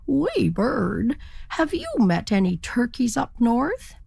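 A naive, stubborn tom turkey drawls his questions in a raised, slowed-down voice, as a woman puts him on. He is proud and sure of himself despite every warning. The sound is close and dry, with a slight rasp at the edges. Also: a little high, big pitch swings, darkish tone, no echo, pitched above the performer's own voice, exaggerated voice. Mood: stubbornly hopeful. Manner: slow stubborn insistence, raised voice. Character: proud naive male turkey wandering north.

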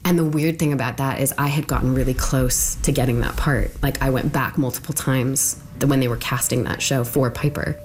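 A woman's voice: a bass voice, fairly even intonation, fairly quick, few pauses. A young woman recounting her own experience in an interview, conversational and full of fillers. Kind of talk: personal recollection in an interview.

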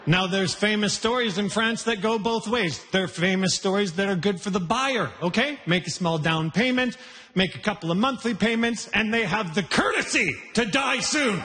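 A man's voice: sits high, moderate pace, fairly bright tone. A man performing a brash, conversational stand-up set on stage, working the crowd, with audience laughter behind him. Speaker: stand-up comedian. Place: comedy festival stage before a live audience. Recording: live show in a reverberant hall.

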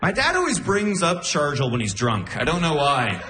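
A man doing a stand-up comedy set, telling stories with animated, incredulous outbursts. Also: normal speed. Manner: animated storytelling, jumping into high-pitched incredulous outbursts. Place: comedy club stage. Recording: roomy live venue sound. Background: audience laughter.

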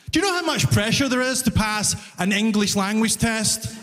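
A man from Scotland with a Glasgow accent, doing an animated, self-mocking stand-up comedy set on stage. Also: high voice, a little fast, hardly any pauses. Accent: Scottish, Glasgow. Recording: live club mic with long reverb and faint noise. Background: audience laughter.

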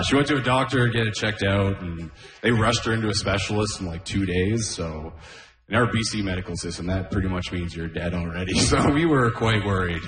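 Guy doing stand-up in a roomy club, lowish voice, keeps cracking up at his own jokes. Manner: laughs at his own jokes, many "oh, man" asides. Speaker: stand-up comedian. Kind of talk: stand-up comedy set. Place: comedy club stage with a laughing audience. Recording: echoey club room.

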